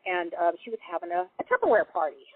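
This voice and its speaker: A woman's voice: on the low side, brisk, slightly rough, dry recording. A woman telling her own story in a casual interview, acting out the people she quotes. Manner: animated, acts out voices in quotes. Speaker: guest witness. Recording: tinny phone-line audio.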